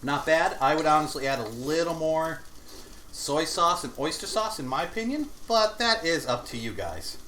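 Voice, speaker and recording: A man's voice: a little high, animated, moderate pace, background noise. A young man chatting casually with his viewers during a cooking livestream, explaining each step and chewing as he goes. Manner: chatty, talks to chat while cooking and eating. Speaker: vtuber cooking streamer.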